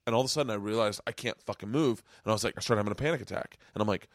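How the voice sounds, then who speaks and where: A man's voice: fairly low pitch, very fast, no echo. Dude hosting a podcast from his man cave, worked up storyteller, cusses a ton, dead dry sound. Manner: excitable, swears a lot, acts out voices in stories. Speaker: podcast host. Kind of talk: casual chat, animated storytelling. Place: home man cave studio.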